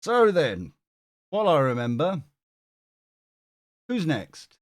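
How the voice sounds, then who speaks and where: Lively man hosting a tarot stream. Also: medium pitch, a little slow, pauses often, no echo, studio quality. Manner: chatty, laughs often, swears, reads chat aloud. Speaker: tarot reader and stream host. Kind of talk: casual live-stream chat.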